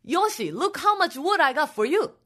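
A woman voicing an old woodcutter turned young in a storybook tale, talking in an excited, pleading way. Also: high-pitched, normal speed, heavily acted. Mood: proud. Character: old woodcutter man, made young, eager.

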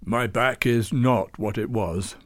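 A man voicing a blunt, gruff old male saint who was once a king, speaking dismissively in a storybook reading. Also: medium pitch, slow, no room sound, clean studio sound, lightly acted. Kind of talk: storybook character voice.

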